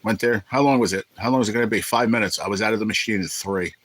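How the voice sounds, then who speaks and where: A man's voice: on the low side, quick pace, rough recording. A man hosting a casual livestream, joking and rambling with viewers and swearing freely. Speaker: livestream host.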